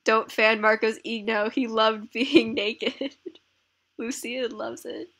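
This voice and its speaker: A woman's voice: on the high side, fairly even intonation, slow pace, gravelly, fairly bright tone, husky. A woman joking with friends on a voice chat and reading messages aloud. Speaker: voice chat participant.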